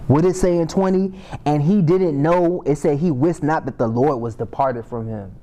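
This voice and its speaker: Bible class teacher, male, slightly high voice, loose slangy delivery that reads a verse and then comments on it. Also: normal speed, dark tone. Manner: slangy and conversational, reads scripture aloud and riffs on it. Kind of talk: casual Bible study teaching. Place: Sabbath class meeting room.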